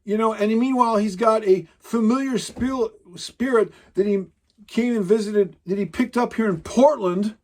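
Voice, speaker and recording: Man, high pitch, preacher, sermon, emphatic, rambling, frequent restarts. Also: normal speed, a little mellow. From Pacific Northwest, United States.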